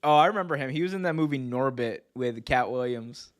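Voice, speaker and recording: A man co-hosting a casual wrestling podcast, slangy and animated, laughing often. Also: mid-range voice, a little fast. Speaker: podcast co-host.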